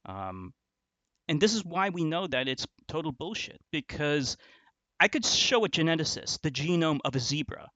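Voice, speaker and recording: His pitch is fairly high and sing-song, his tone bright and forceful, delivered at normal speed on a dry recording. The man hosts a commentary video, mocking an online argument scornfully and insultingly, often starting sentences over.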